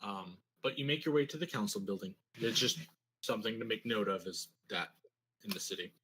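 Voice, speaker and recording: A man narrating a tabletop game as game master, relaxed and full of fillers. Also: on the low side, brisk, slight background noise, low-quality recording.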